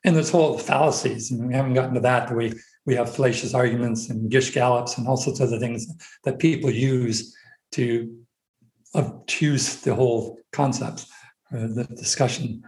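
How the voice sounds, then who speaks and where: A man of middling pitch explains his view as a podcast guest, building it up point by point. His voice carries a noticeable room echo. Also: fairly even intonation, moderate pace, darkish tone. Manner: methodical, lays out points step by step. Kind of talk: explanatory conversation. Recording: roomy echo.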